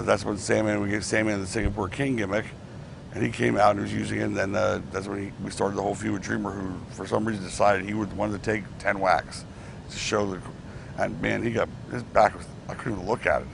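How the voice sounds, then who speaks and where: A middle-aged former wrestling promoter, wearing a clip-on mic, tells rambling backstage anecdotes in a casual interview, restarting often and acting out what others said. His voice is on the low side, steady, gravelly, and a little fast, with a noisy background.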